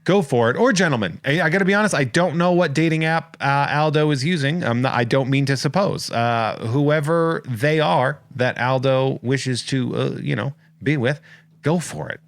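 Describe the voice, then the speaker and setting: An American man hosts a podcast in casual chat, rambling along and cracking jokes at his own expense. His pitch sits in the middle, his speed is ordinary, and the recording has no room sound.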